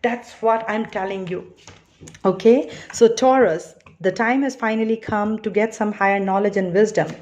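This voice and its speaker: Speaking at a moderate pace in a steady, darkish, medium-pitched voice, this tarot reader keeps her reading chatty and sincere. Her reassuring manner leans heavily on phrases like "you know" and "all right."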